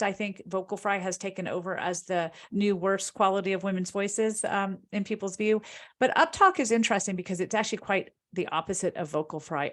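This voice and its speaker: A woman linguist and author answering audience questions in an explanatory, lecture-like way, with animated rises when she stresses a point. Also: medium pitch.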